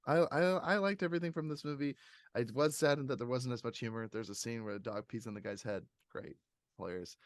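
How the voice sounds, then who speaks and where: An animated man hosting a casual movie-review podcast, rambling along and laughing often. His voice is mid-pitched and sits close and dry on the mic, with no room sound. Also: quick pace, no echo. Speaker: podcast host.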